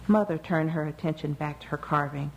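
A woman narrating a novel in a measured, expressive reading. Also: sits low, slight background noise, rough recording. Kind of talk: audiobook narration.

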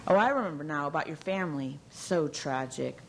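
A woman's voice: fairly low pitch, animated, fairly quick, a little hiss or hum, lightly acted. A woman voicing a nervous, fashion-conscious young newlywed hostess who chatters and pries. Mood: anxious.

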